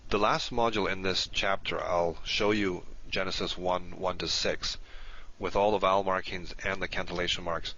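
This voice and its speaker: Low-voiced man lecturing methodically. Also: fairly even intonation, moderate pace, sharp tone, dull audio. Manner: methodical, explains step by step. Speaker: language teacher. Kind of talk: recorded lecture.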